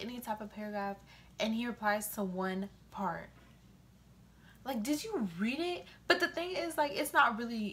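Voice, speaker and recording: Chatty young woman with vocal fry. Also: mid-range voice, slight background noise. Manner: animated storytelling, quoting voices. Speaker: vlogger. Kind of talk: casual chat to camera.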